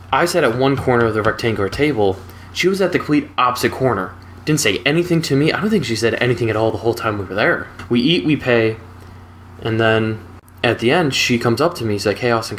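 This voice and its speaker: A man's voice: mid-range voice, slight background noise. Chatty young man telling a story. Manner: relaxed, chatty, wry. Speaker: storytelling channel host. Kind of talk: casual storytelling.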